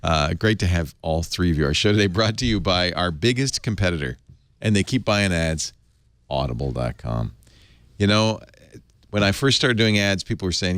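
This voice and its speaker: Low-voiced man chatting through an ad read. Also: animated, normal speed, a bit bright, no room sound. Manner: enthusiastic, chatty, rambling. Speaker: podcast host. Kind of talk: live ad read on a tech talk show.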